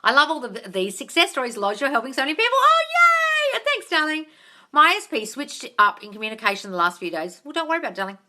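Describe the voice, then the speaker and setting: A woman's voice: on the high side, lively intonation, very fast, few pauses, bright, forceful tone, a little hiss or hum. An Australian woman hosting a live Q&A, reading viewers' comments aloud, calling them darling and swearing casually. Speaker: manifestation coach host.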